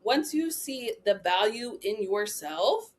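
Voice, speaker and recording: A woman's voice: mid-range voice, lively intonation, slow. A young adult woman giving a chatty, emphatic training talk to travel agents, often checking in with "right?" and "okay?".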